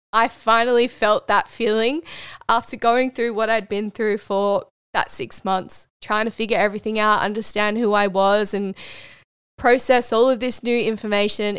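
Candid young woman, crisp dry voice. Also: medium pitch, fairly bright tone, dry recording. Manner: candid, swears casually, gets emotional. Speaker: podcast host. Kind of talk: personal storytelling podcast.

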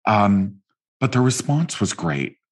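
A man speaks as a guest in an interview, his voice sitting very low. There is a husky grain to it as he tells his stories with lively energy, slipping into the voices of the people he quotes. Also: slow. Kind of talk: conversational interview storytelling.

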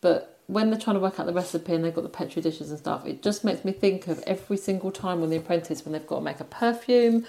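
A woman's voice: on the low side, fast talker, vocal fry, few pauses, dark tone. Tired British woman, wry and chatty. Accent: British English. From United Kingdom. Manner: wry, laughs through her anecdotes. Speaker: podcast co-host. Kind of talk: casual chat.

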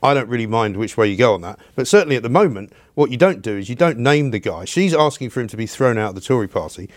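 A man's voice: medium pitch, expressive, no room sound, studio quality. A man from London hosting a radio podcast, blunt and opinionated in casual chat. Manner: blunt, opinionated, fast-talking. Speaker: radio host.

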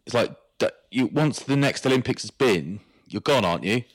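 A man's voice: mid-range voice, animated, moderate pace, no echo. A man co-hosting a podcast, rambling and musing in casual banter. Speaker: podcast co-host.

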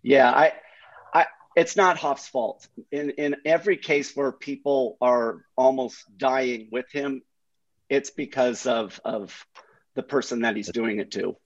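In slightly dull, lo-fi audio, a man with a mid-range voice chats casually at an unhurried pace. He's an animated storyteller, sharing anecdotes and acting out his friends' lines.

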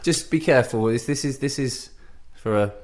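A man's voice: mid-range voice, normal speed, background noise. A man co-hosting a comedy podcast, chatting eagerly and running the show's announcements. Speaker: podcast co-host. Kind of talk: casual comedy banter.

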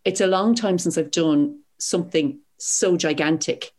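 A middle-aged Irish woman, an actor chatting casually as a podcast guest, quick, lively and chatty. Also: fairly low pitch. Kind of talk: casual chat.

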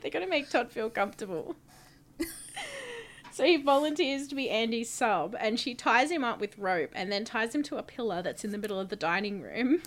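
A woman co-hosting a podcast in casual chat, animated and laughing often as she talks. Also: fairly high pitch, normal speed. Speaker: podcast co-host.

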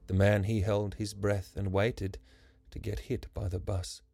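Slow, low-voiced male storyteller. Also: flat delivery, gravelly, slightly rough. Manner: gentle, measured rhyming delivery. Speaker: podcast host and storyteller. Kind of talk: rhyming story narration. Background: soft music.

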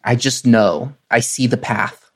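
Tabletop player, chatty, wry, mid pitch. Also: unhurried, breathy edge. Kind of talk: casual tabletop chat.

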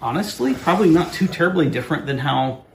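A man's voice: a little high, fast talker, slight background noise. An American man co-hosting a podcast in an earnest, meandering casual chat, often restarting his sentences. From United States. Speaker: podcast co-host and producer. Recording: roomy echo.

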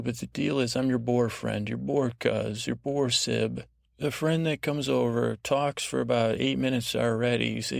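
A man rambles through a slow bedtime monologue with a low, gravelly fry in his voice. He keeps a lulling, drowsy tone and trips over his own words with many restarts. The sound is close and dry, with no room around it. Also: no room sound. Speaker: podcast host.

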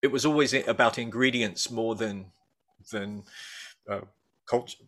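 A man's voice: mid-range voice, unhurried, a bit bright. A middle-aged man talking as a guest in a casual interview, rambling and hesitant with many restarts and fillers. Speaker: guest, baker and food writer.

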